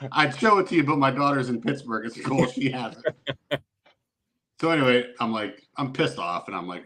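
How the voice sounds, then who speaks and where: A man's voice: mid-range voice, normal speed. A middle-aged man, a guest on a casual podcast, telling a long story with swearing and acted-out quotes. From Youngstown area, Ohio, USA. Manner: animated storyteller who swears and acts out quotes.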